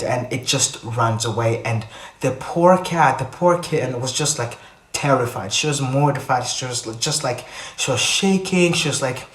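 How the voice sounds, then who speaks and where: A man's voice: medium pitch, a bit bright. A young man telling a story casually to his channel, rambling with many restarts and fillers. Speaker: vlogger. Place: indoors at home. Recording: echoey room.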